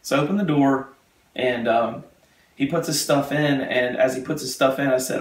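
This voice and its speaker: A man telling a testimony story with animation, retelling quickly and acting out the quotes. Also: medium pitch. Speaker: speaker giving a testimony. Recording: echoey room, mic far off.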